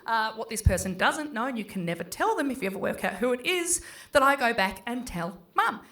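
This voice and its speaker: Australian woman, stand-up comic, bright and lifted voice, a bit high, chatty, swears freely, slips into quick voices. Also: lively intonation. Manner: conversational, swears freely, acts out her kids in quick voices. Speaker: stand-up comedian. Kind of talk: stand-up comedy set. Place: small pub stand-up venue.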